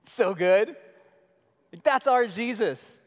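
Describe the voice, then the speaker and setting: A high-pitched male pastor delivers an animated sermon, rising to punchy emphasis and dropping to near murmurs. His voice rings out with a long hall reverb. He sounds like a man in his thirties. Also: drawn-out words. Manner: animated preaching, shifting between loud emphasis and low murmurs.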